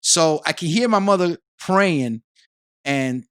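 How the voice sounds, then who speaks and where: A man, a guest on a podcast, telling a long personal story in casual conversation, animated and repeating himself as he talks. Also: fairly high pitch, slow, clean tone, dry recording, studio quality. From Puerto Rico.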